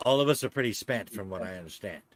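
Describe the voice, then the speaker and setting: A man playing a tabletop game, talking strategy in a halting way, repeating words as he thinks. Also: on the low side, lively intonation. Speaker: player. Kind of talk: casual chat in a tabletop game.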